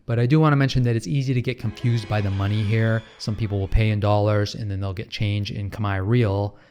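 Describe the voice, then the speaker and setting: A man's voice: fairly low pitch, steady tone, brisk, a little mellow, a little hiss or hum. A man from Canada with a Canadian accent, talking in a casual, chatty vlog style with sarcastic asides. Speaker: travel vlogger.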